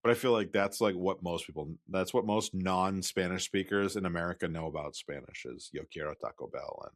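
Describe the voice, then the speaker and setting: A man co-hosting a podcast, talking in a relaxed, measured way and sometimes trailing off. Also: low-pitched, no echo, clean studio sound. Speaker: podcast co-host. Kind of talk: casual chat.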